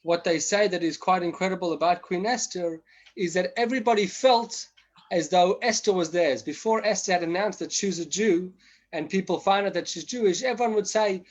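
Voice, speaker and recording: A man with a slightly high voice gives an informal teaching class. He talks haltingly, full of fillers and restarts, and brings stories to life by acting out the people in them. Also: highs cut off. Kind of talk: informal memorial class talk.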